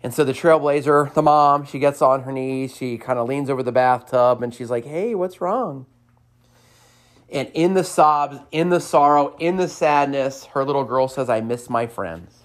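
A man's voice: medium pitch, fairly even intonation, moderate pace, few pauses. A man hosting a motivational podcast, cheering listeners on with repeated upbeat lines and a personal story. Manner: enthusiastic, sing-song cheerleading repetition.

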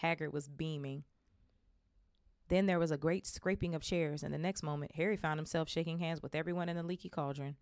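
Low-voiced woman reading a novel aloud. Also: fairly even intonation, fairly quick, darkish tone, no room sound, studio quality. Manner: casual, amused asides. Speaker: podcast host.

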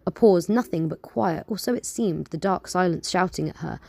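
Here a young woman with a lowish, creaky, darkish voice talks at normal speed on a dry recording. On her show she chats casually and reads her own poetry, rambling playfully and leaning heavily on filler words.

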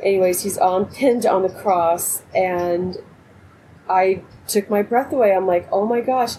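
A woman's voice: mid-range voice, measured pace, mellow, a little hiss or hum, low-quality recording. A woman co-hosting a casual spiritual chat over a remote call, talking in an emotional, gushing, rambling way. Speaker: co-host.

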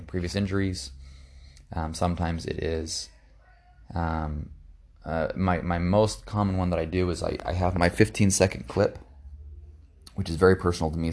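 A man's voice: sits low, a little mellow. A young man hosting a podcast, talking earnestly and reflectively on his own, often restarting and repeating words. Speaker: podcast host. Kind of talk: casual reflective monologue.

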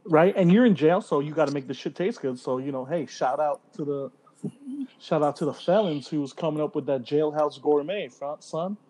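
A man co-hosting a casual podcast chat, telling animated stories full of slang and swearing. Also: on the high side, normal speed, husky. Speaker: podcast co-host.

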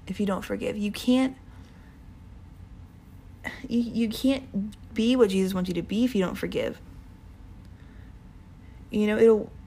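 A woman's voice: medium pitch, dark tone, slightly rough. A woman giving an informal, earnest sermon, casual and rambling, with many fillers and restarts. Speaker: Bible teacher.

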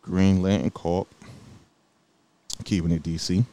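A man's voice: deep voice, steady tone, slow pace, dark tone. A man co-hosting a casual podcast chat who moves the talk between topics. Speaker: podcast co-host.

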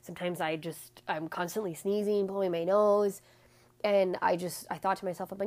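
A woman hosting her own podcast in a casual solo chat, with a raspy, stuffy-nosed voice, rambling with lots of ums and restarts. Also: medium pitch, steady tone, brisk, a little mellow. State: out of breath at times. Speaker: podcast host.

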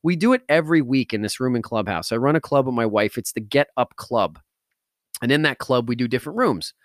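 A man's voice: medium pitch, fairly bright tone, dry recording. Man, podcast host, hyped motivational talk, slangy, dry close sound.

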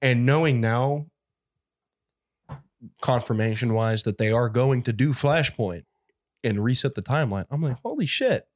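An excitable man chatting casually on a podcast, his voice sitting at an ordinary middle pitch. He rambles, restarts his sentences and laughs often, recorded close and dry with no room sound. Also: a little slow, pauses often, dry recording. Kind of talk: casual chat.

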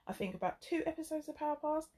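A woman's voice: high-pitched, lively intonation, fast, darkish tone. A woman tells a frank, exasperated story in casual chat with a friend.

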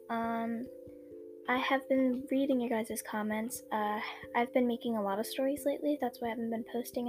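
A young woman casually chatting and reading her own fan story, hesitant with many ums. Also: fairly high pitch. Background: background music.

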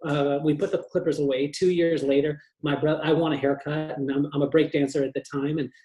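A man from California, a hairdresser, telling lively joking stories about his family as a podcast guest. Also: a little high, a little fast, roomy sound, rough recording. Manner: animated, joking, acts out family members' voices. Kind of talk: storytelling in a podcast interview.

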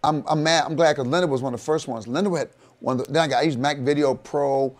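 A middle-aged man co-hosting a casual tech chat show, excitable and rambling, calling his co-host "dude" and "bro.". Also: fairly high pitch, quick pace.

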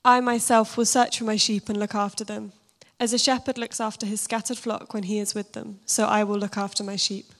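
A woman with a slightly husky voice, speaking casually and then giving a steady scripture reading in a sermon. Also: mid-range voice, a little fast, hardly any pauses. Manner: informal and self-deprecating, steady even reading. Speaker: church speaker.

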